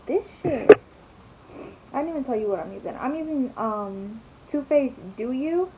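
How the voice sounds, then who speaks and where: A woman's voice: a little high, warm tone. A young woman vlogger telling a story in a chatty, dramatic way, swearing and saying "like" a lot while she does her makeup. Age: young adult. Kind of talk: casual storytelling vlog. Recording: slightly dull recording, faint hiss.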